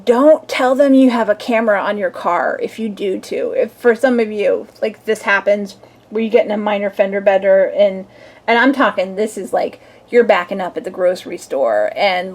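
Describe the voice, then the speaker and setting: A woman's voice: mid-range voice, a little mellow. A young adult woman, a tarot reader, chatting casually and playfully through a weekend reading and acting out little scenes.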